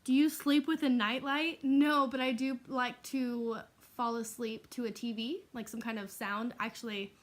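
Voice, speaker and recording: A woman's voice: on the high side, little pitch movement, normal speed, hardly any pauses. Chatty young woman vlogging. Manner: chatty, laughing, with frequent "um" and "like". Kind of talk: casual Q&A vlog.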